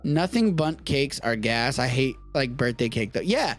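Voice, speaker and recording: A man's voice: mid-range voice, very animated, moderate pace, soft background music. A young man from Texas hosting a live stream, chatting casually and riffing with profanity. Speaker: host of a live streamed show.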